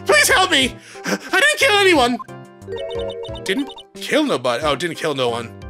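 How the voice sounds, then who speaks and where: A man's voice: on the high side, big pitch swings, moderate pace, music in the background. A man voicing a pleading male country bumpkin with a put-on Southern US accent, stammering. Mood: panicked.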